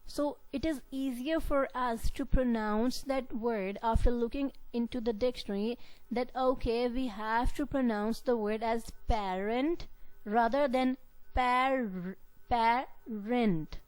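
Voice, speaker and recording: A woman lecturing on pronunciation, explaining slowly and repetitively and correcting herself as she goes. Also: on the high side, a little mellow, rough recording. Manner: slow, repetitive explaining with frequent self-corrections. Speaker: English lecturer. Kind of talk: recorded university lecture.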